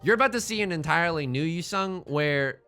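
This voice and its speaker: Lively jokey man narrating gameplay. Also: fairly high pitch, brisk, soft background music. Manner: jokey, self-mocking, pleading with the game. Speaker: let's play host. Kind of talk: game commentary.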